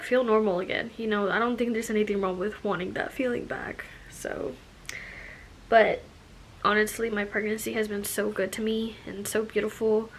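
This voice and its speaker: A woman's voice: on the high side, fairly bright tone, slight background noise. A young woman chatting casually in a vlog, filling her talk with "like" and "you know", a little out of breath. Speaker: vlogger. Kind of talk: casual pregnancy update vlog.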